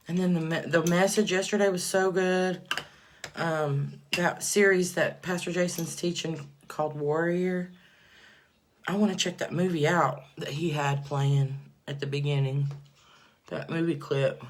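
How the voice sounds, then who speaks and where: A woman's voice: low voice, measured pace, a little hiss or hum. Chatty woman livestreaming her makeup. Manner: chatty, excitable, breaks into loud bursts of praise. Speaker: livestream host. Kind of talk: casual livestream chat while doing makeup.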